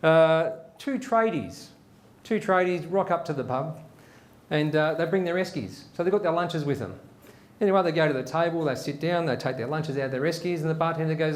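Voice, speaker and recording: A man hosting a comedy show and telling jokes, a lively chuckling storyteller. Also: a little high, brisk. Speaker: host.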